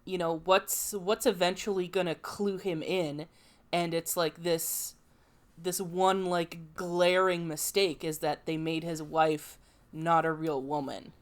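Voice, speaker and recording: A woman's voice: fairly low pitch, steady tone, takes it slowly. A woman co-hosting a podcast in casual chat, agreeable and often chiming in with short replies. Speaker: podcast co-host.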